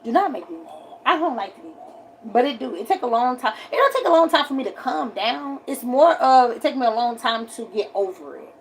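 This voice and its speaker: Woman livestreamer, slightly high voice, animated casual storytime, faint background noise. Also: brisk, poor audio. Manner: animated, acts out quotes with sharp pitch jumps.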